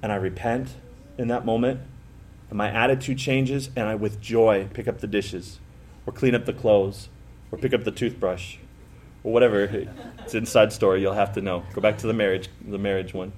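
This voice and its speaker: A man's voice: fairly low pitch, fairly even intonation, moderate pace, a little mellow, a little hiss or hum. A middle-aged man, a pastor, preaching a sermon in a conversational, self-deprecating way with emphatic bursts. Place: church sanctuary.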